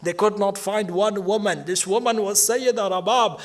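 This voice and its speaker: Delivering a Muharram lecture, a shaikh speaks in a high-pitched, steady voice at a moderate pace with hardly any pauses. His mournful sermon weaves Arabic religious terms into English and rises into lamenting cries.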